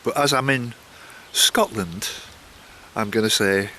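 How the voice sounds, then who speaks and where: A man's voice: fairly low pitch, slow, pushed and bright, a little hiss or hum. Rambling, chatty older man vlogging. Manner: rambling, chatty, frequent restarts and asides. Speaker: walking vlogger. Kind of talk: casual vlog chat.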